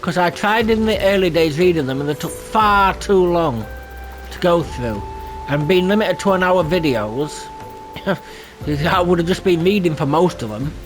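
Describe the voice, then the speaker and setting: A man hosting his own gaming channel, talking casually over gameplay in a chatty, self-deprecating way. His voice sits fairly high and moves around a lot in pitch. Soft game music plays underneath. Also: animated, normal speed. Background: faint game music.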